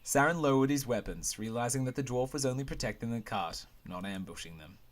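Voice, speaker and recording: A man's voice: mid-range voice, a little fast. A man hosting a game playthrough, reading the story aloud in a playful, jokey way. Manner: bouncy, jokey, voices every character. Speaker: host and reader of a visual novel playthrough.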